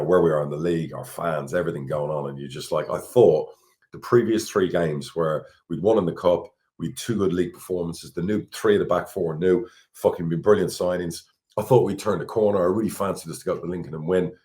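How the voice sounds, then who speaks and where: A man's voice: low voice, a little fast, warm tone. A middle-aged Irish man, a football club chairman, talking candidly on a podcast, blunt and swearing freely. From Ireland. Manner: blunt, swears freely, repeats words when worked up.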